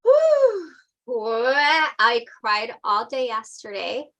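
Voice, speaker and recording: A woman's voice: mid-range voice, normal speed, sharp tone. A woman in her forties, a podcast guest, talking openly and emotionally in a casual chat. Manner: open, emotional, talkative.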